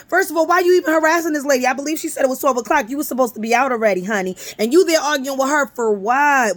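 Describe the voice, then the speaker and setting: A woman hosting a casual commentary channel, talking back at a clip in a sassy, mocking way. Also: high-pitched.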